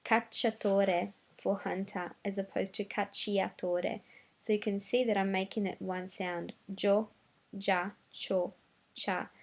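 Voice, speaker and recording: A woman gives a pronunciation lesson at a very unhurried pace. She says each word deliberately, often twice to contrast right and wrong, and fills pauses with soft "um"s. Her voice sits at an ordinary middle pitch. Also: little pitch movement. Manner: deliberate, repeats words in contrast, frequent "um" fillers. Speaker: Italian language teacher.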